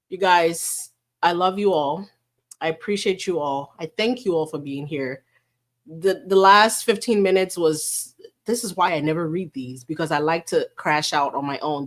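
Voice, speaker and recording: A woman's voice: fairly low pitch, a bit bright. A woman talking straight to her viewers in a loose, casual livestream. She is chatty and blunt, curses without a second thought, and slips Spanish terms of affection into her thanks. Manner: chatty, blunt, swears freely, mixes in Spanish endearments.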